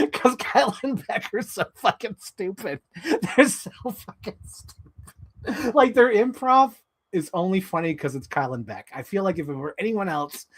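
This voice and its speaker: A man hosting a live stream, chatting casually about toys and podcasts in a profane, animated, rambling way. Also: on the high side.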